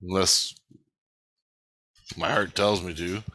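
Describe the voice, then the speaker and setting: A man tells a strange dream in a heated, swearing torrent, jumping into the voices of the people he argued with. His voice is bright and forward. It is recorded close and dry. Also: deep voice, steady tone, takes it slowly, dry recording. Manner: agitated, profane, retelling dialogue in bursts. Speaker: vlogger. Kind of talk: casual recounting of a dream to camera.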